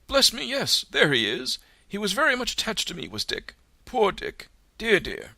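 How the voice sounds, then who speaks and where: A man voicing an old miser in an audiobook, his voice rising high and cracking with excitement over fond memories. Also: moderate pace, dry recording, exaggerated voice. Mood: excited. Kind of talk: audiobook character reading.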